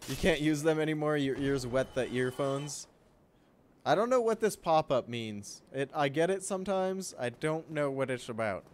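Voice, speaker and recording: A young man streaming a game, chatting with viewers in a relaxed, joking way and breaking into loud yelps and laughs. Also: mid-range voice, a little hiss or hum. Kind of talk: gameplay commentary.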